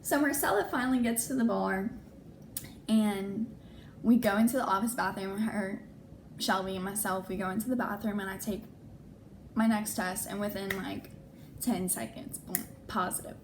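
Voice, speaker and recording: A young adult woman vlogger with a medium-pitched voice casually tells a personal story at a moderate pace. She's animated, acting out what people said and saying "like" a lot, with slight background noise.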